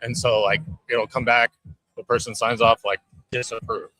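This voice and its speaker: Male founder from Texas, casual and filler-heavy, bright tone. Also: mid-range voice, little pitch movement, normal speed, dry recording, low-quality recording. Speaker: startup founder. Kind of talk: casual pitch explanation.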